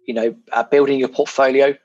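A man's voice: mid-range voice, fairly even intonation, brisk, darkish tone, no echo, muffled recording. A man from England chatting casually as a property investor guest, frank and self-deprecating, with plenty of fillers. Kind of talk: casual podcast chat.

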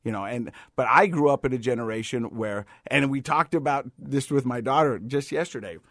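A middle-aged man from the United States hosting a casual chat, an animated storyteller who often repeats words. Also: mid-range voice, fairly quick, no echo, studio quality. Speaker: podcast host.

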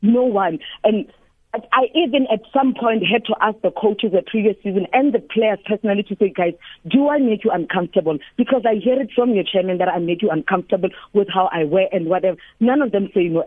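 A woman's voice: mid-range voice, expressive, a little fast, dry recording. A woman, a sports reporter calling in to a radio interview and talking emphatically and emotionally, repeating herself for stress. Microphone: telephone. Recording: dry tinny phone line.

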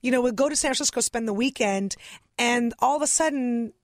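Lively Russian-born woman comedian. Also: a little high, brisk, no room sound. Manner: animated storytelling, acting out quotes. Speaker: guest comedian. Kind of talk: casual chat.

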